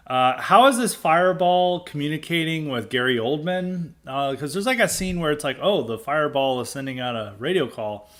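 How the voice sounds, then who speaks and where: A man with a mid-range, slightly bright voice hosts a podcast. His monologue is blunt, dismissive and opinionated, rambling along with many restarts and filler words.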